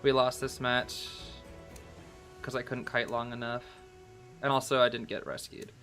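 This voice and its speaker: Excitable bright-voiced young man. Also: mid-range voice, measured pace, faint music behind. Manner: excitable, repeats words, calls listeners bro. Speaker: game streamer. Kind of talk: casual gameplay recap, answering chat.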